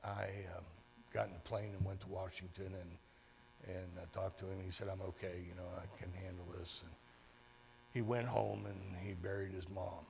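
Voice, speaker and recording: Low, gravelly male guest speaker; halting storyteller, lots of "um" and "you know", reverberant hall. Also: a little hiss or hum. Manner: halting, many fillers and restarts. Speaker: guest speaker at a club meeting. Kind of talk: personal storytelling speech. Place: meeting hall.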